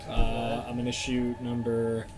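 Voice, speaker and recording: A man's voice: medium pitch, monotone, measured pace, a little mellow, soft background music. A man playing a tabletop game, jokey and reading out dice rolls. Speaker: player. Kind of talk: casual tabletop play.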